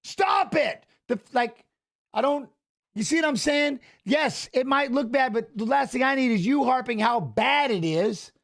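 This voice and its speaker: A middle-aged man with a notably high voice hosts a live fight watch-along. His talk is loose and animated, wandering off track and circling back to repeat himself. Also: moderate pace, gravelly. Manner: animated, rambling, repeats phrases. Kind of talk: casual live fight commentary.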